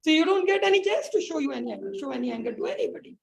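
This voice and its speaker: Woman meditation teacher telling a story on a call, high voice, kinda gravelly, lots of ums and restarts. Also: big pitch swings, racing, low-quality recording. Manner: storytelling with many fillers and restarts.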